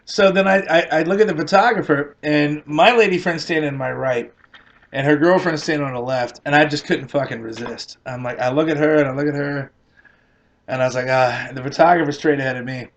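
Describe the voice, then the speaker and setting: A man's voice: fairly high pitch, brisk, lo-fi sound. A man with a Boston accent telling a rambling, profane comic story and laughing at his own punchlines. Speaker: comedian. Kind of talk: storytelling comedy rant.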